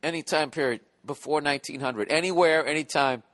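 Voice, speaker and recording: A man's voice: on the high side, brisk, fairly bright tone, no echo. A man hosting a podcast in casual chat, skeptical and teasing, and he swears freely. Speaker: podcast host.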